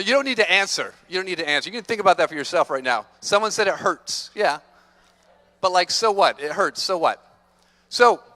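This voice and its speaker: A high-voiced male motivational speaker gives an energetic, playful talk to students, teasing the audience. He's on a stage microphone in a large conference hall.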